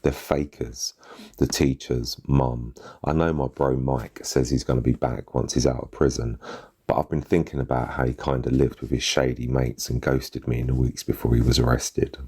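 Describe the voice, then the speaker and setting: Brief: adult man narrating a first-person story in street slang, voice very low and husky, bitter. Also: flat delivery, normal speed, a little mellow.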